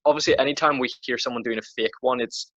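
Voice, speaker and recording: A man's voice: medium pitch, steady tone, fast talker, pushed and bright, slight background noise. Rambling Northern Irish man podcasting. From Northern Ireland. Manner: rambling, many restarts and fillers. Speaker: podcast co-host. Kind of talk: casual chat. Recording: dry, dull lo-fi sound.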